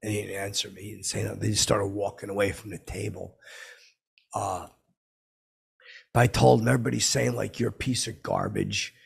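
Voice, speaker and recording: A man's voice: fairly low pitch, level tone, brisk, pauses often, full character voice. A man playing a dim, self-absorbed hustler who hosts a comedy podcast, rambling and repeating "I go" over and over. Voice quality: gravelly, very raspy. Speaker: podcast host. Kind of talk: comedic character monologue.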